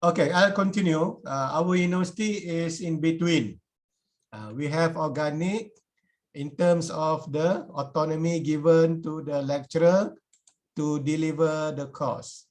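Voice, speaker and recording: A man's voice: a little high, measured pace. A man with a Malaysian English accent teaching a university class over a video call, tagging his sentences with "eh?" and speaking in plain, informal English. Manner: repeated checks with a tag "eh?", plain informal phrasing. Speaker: university lecturer. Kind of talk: online class lecture.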